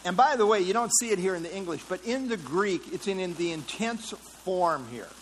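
A man's voice: high voice, animated, brisk, slight background noise, rough recording. A man leading an interactive Bible study, explaining a passage in a conversational way and putting questions to the class. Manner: conversational, asks the class questions, frequent fillers. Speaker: Bible teacher.

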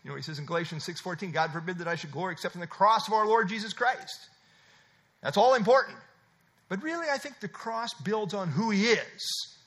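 A man's voice: high-pitched, animated, brisk, fairly bright tone. A man preaching a sermon, explaining scripture verse by verse with repeated emphatic phrases and frequent uh fillers. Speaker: pastor.

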